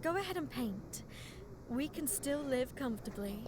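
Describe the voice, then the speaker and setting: A woman voicing a sweet young wife who is an actress, speaking softly and gently to reassure her husband in a game. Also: sits high, expressive, normal speed, background noise. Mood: consoling. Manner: soft, gentle and consoling. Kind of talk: game voice acting.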